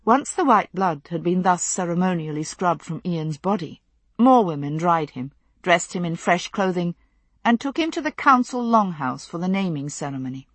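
A woman narrates a novel in a measured, steady way. Her voice sits low and sounds husky. The recording is dry and close to the mic. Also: no echo. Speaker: audiobook narrator. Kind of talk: scripted narration.

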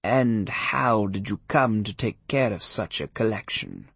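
A man's voice: on the low side, lively intonation, measured pace, gravelly, a bit bright, slightly rough, no room sound, exaggerated voice. A man voicing a genial, avuncular priest who speaks in a soothing, fatherly way.

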